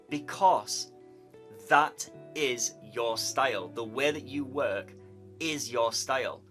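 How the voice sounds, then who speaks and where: A man's voice: mid-range voice, pushed and bright. A man who is a tattoo artist, talking casually to camera and giving tips, with a chatty way of repeating words as he thinks aloud. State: yawning, tired. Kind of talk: casual YouTube advice talk.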